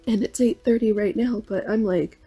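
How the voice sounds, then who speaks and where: A woman's voice: medium pitch, steady tone, moderate pace, warm tone, breathy edge, soft background music. A woman leaving a rambling, heartfelt voice message for a relative. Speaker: vlogger.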